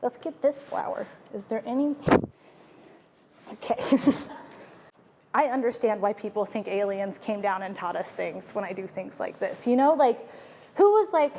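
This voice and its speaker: A woman's voice: mid-range voice, animated, a little slow, dark tone, in a large hall. A woman chatting playfully while she cooks, joking and rambling through asides. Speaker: home cook vlogger. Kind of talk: casual cooking vlog chat.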